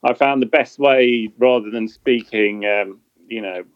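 A man's voice: medium pitch, measured pace, dry recording, lo-fi sound. An English man from England, a guest in a casual chat, speaking hesitantly and self-deprecatingly with many restarts.

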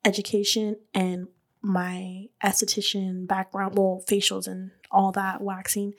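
A woman hosting a podcast, telling her own story in a casual, animated way. She fills her talk with "like", laughs often and swears freely. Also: medium pitch, measured pace. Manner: chatty and animated, many "like" fillers, laughs. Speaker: podcast host and beauty business owner.

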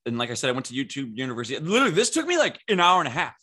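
A young man talks with a bright, forceful tone, worked up and swearing as he rants to his co-host. His delivery is loose and conversational, jumping between gripes with quick restarts. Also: medium pitch, slightly rough. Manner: animated, swearing, ranting. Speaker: podcast co-host. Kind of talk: casual chat.

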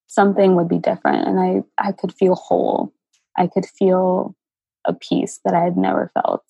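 A woman guest telling a painful personal story, halting and emotional, with many fillers and restarts. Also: on the low side, little pitch movement, creaky, warm tone, husky, no echo, dull audio. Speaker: interview guest.

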